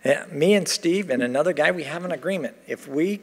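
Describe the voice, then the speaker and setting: A man's voice: a little high, brisk, husky, big-room sound. A middle-aged American man preaching a sermon as pastor, telling stories animatedly and acting out the voices of the people in them. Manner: animated storytelling, acting out quoted voices with laughs. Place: church sanctuary.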